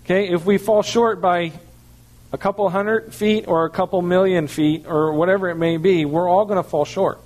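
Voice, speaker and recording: A man's voice: high-pitched, fairly even intonation, normal speed, darkish tone. A man preaching a sermon, explaining scripture in an earnest teaching manner and checking in with his listeners. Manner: earnest teaching with frequent "okay" check-ins. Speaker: pastor.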